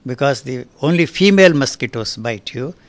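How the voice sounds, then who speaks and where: A man in his eighties, an interview guest in a studio, speaking in an emphatic, forceful and blunt manner. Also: mid-range voice, expressive, normal speed. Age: 80s. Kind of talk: fiery spoken discourse. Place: recording studio.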